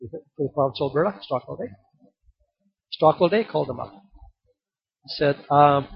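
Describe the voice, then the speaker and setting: A man preaching a sermon, telling a story and then calling loudly on the congregation to open their Bibles. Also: fairly high pitch, lively intonation, normal speed, vocal fry, long pauses, highs cut off. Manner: storytelling, building to loud exhortation. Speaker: pastor.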